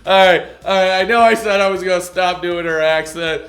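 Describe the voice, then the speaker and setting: Loud sarcastic man roasting TV. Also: high voice, brisk. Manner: sarcastic, mocking, bursts into loud laughter; stand-up delivery, jumps between shouting and muttering. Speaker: video recap host. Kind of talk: comedic TV recap.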